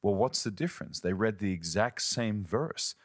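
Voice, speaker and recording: A man's voice: fairly low pitch, moderate pace, no echo, clean studio sound. A man, a ministry leader and podcast guest, teaching earnestly in conversation and telling stories. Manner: earnest, storytelling, uses quoted voices.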